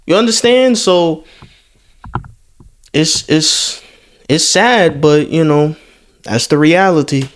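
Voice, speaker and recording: A man's voice: fairly high pitch, slow pace, long pauses, a little hiss or hum. A young man hosting a reaction video, talking loosely in profane street slang and repeating himself as he comments.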